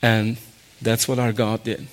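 A man telling his own faith story in an earnest, halting way, often restarting his sentences and breaking into short laughs. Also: fairly low pitch, little pitch movement. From raised in a Muslim family. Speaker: speaker sharing a personal faith story. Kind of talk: personal testimony talk.

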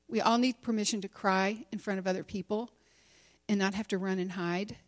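A middle-aged woman speaking candidly to a women's gathering, sharing a personal testimony in a conversational way with many fillers. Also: mid-range voice. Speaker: conference speaker and teacher.

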